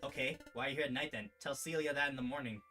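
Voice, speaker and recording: Brief: brash half-oni woman, played by a man, drawling, dismissive, fast and bright. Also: mid-range voice, soft background music, close to an everyday voice. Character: cocky half-oni woman, blunt and rough.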